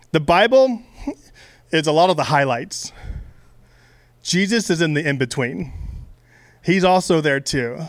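A man's voice: fairly high pitch, no room sound. Casual, playful man preaching. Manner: conversational, playful, frequent fillers and asides. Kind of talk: casual sermon.

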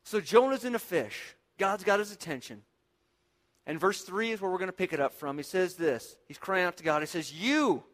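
A man preaching a sermon with a fairly high voice. He builds to loud, intense stretches, then drops into quiet, reflective passages. A long reverb trails after his words, as in a large hall. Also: expressive, a little fast. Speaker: pastor.

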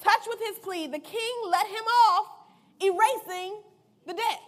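A woman's voice: very high-pitched, a little slow. A woman giving a casual, playful sermon, reading scripture and retelling it in slang. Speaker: preacher.

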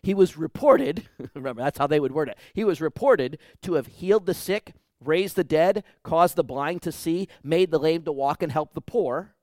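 A man preaching a sermon as pastor, emphatic, swinging between loud declarations and hushed, quiet lines. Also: a little high, expressive, moderate pace, dry recording, clean studio sound.

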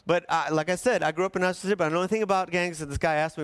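A man from Southern California, a pastor preaching a sermon and telling a story with lively, shifting pace. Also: fairly high pitch, smooth. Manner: animated storytelling, shifts between fast and slow.

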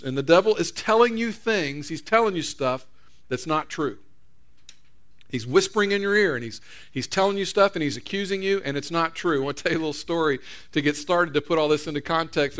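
Male pastor, sermon, casual storytelling, frequent restarts, high voice. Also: fairly bright tone. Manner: conversational storytelling with repeated restarts.

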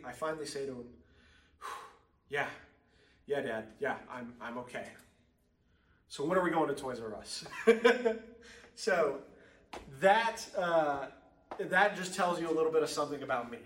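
A young man gives a sermon, telling a childhood story in a loose, chatty way full of ums. His voice sits a bit high, and the room is echoey, with the mic well away from him. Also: a bit bright, far from the mic. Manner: casual storytelling with frequent ums. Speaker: preacher.

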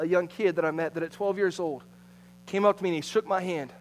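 A man preaching a sermon, moving between loud, emphatic passages and hushed, near-whispered ones. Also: on the high side, steady tone, fast talker, poor audio. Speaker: pastor.

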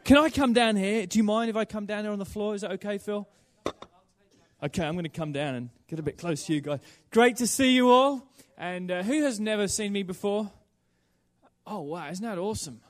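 A man's voice: sits high, moderate pace. A young man from England, a guest preacher giving a sermon to a church congregation in a chatty, informal way full of asides and jokes. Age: young adult. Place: church sanctuary before a congregation.

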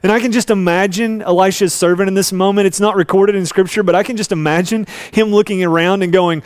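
A man's voice: sits high, steady tone, quick pace, few pauses, clear, resonant tone, no room sound. A man preaching a sermon, earnest and storytelling, acting out voices in a Bible story. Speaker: pastor.

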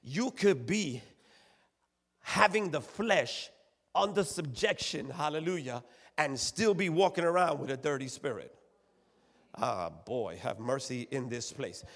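A man's voice: mid-range voice, animated, unhurried, fairly bright tone. A man preaching a sermon, calling out to the congregation and repeating his phrases. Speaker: pastor. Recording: long echo of a church hall.

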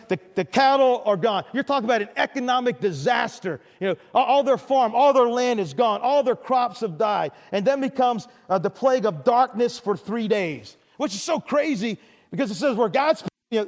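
Older pastor preaching in a reverberant hall. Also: male voice, very high-pitched, lively intonation, a little fast. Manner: storytelling, stammering restarts. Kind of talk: sermon.

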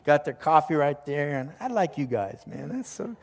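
A man's voice: a little high, big pitch swings, moderate pace, gravelly, big-room sound. An older man preaching a sermon as a pastor, in a conversational, joking storytelling manner before a live congregation.

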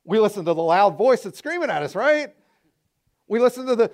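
A man delivers a sermon from the pulpit. His voice sits notably high for a man, and he is animated, acting out the excuses of his listeners in shifting tones to drive home his points. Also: a little fast. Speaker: pastor.

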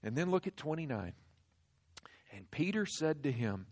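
A male pastor delivers a sermon in a somewhat high voice. He presses his points hard, dropping to a hush on sobering lines and rising to full force on warnings. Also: sing-song, moderate pace, pauses often. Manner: emphatic, swings from hushed to loud.

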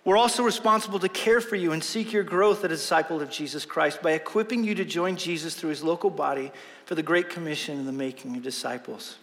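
A man's voice: fairly high pitch, fast, fairly bright tone. A man preaching a sermon as pastor, earnest and emphatic, with self-deprecating jokes. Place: church sanctuary. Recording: long reverb of a large hall.

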